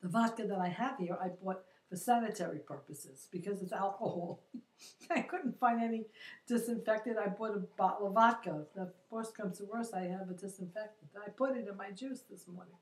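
A woman's voice: mid-range voice, brisk. An older woman vlogging a chatty, exasperated story of her day and quoting the people she met. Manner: chatty, exasperated, quotes others in her retelling. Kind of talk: casual storytelling monologue. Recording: roomy echo, distant from the mic.

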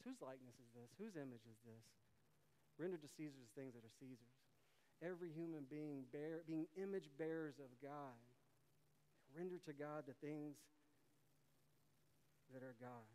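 Animated man preaching in an echoing hall. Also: a little high, normal speed, pauses often, clean tone. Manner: animated, acts out quotes with big swings in volume. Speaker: pastor. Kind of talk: sermon. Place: church sanctuary.

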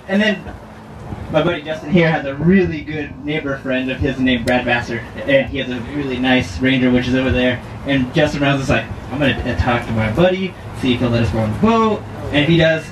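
A man excitedly telling a fishing story at an outdoor weigh-in, rambling and eager as he quotes himself and his partner. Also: mid-range voice, brisk. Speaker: tournament angler. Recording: distant mic, roomy and noisy outdoors.

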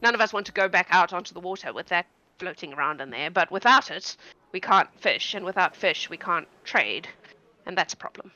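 A woman voicing a brisk, hospitable human fisherwoman of a small fantasy village. She bustles and fusses over her guests. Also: lowish voice, lively intonation, bright, forceful tone, lo-fi sound. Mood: worried. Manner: fussy, hurried, welcoming.

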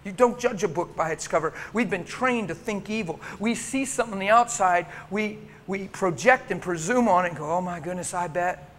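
A man's voice: sits high, a little fast, hardly any pauses. A middle-aged male pastor telling a story in a sermon, acting out the dialogue with emotion. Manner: animated, acts out dialogue, emotional. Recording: reverberant hall with faint noise.

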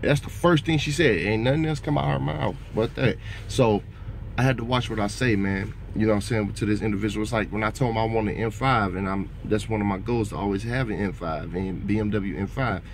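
A man's voice: on the low side, fairly quick, slight background noise. A man who drives trucks talking in a casual vlog monologue. He rambles in a motivational way and keeps tossing in "man".

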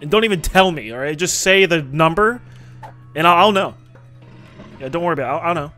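Bright-voiced, high man swearing at a game. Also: expressive, fairly quick, faint music behind. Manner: swears freely, laughs often, talks to viewers. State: recently woken up. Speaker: gaming video creator. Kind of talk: casual gameplay commentary.

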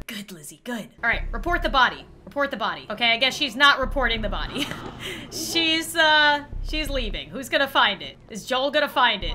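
A woman YouTuber doing excitable gameplay commentary, gasping, squealing and laughing as she reacts. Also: high-pitched, brisk, a little hiss or hum. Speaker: gaming YouTuber.

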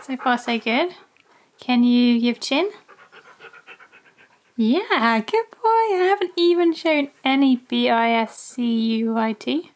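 Speaking slowly and expressively with frequent pauses, this slightly high-voiced woman talks to her dog as she trains it in tricks. She's a dog owner who makes videos, coaxing playfully and laughing a lot.

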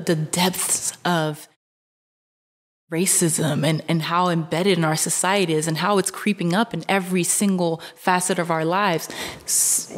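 Seated on a couch indoors, a young fashion model talks casually to the camera. She is earnest and animated, uses many fillers, and her pitch jumps up when she emphasizes something.

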